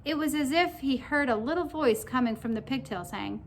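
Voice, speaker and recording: A woman narrating a children's story aloud with expressive storytelling. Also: high voice, moderate pace, slight background noise.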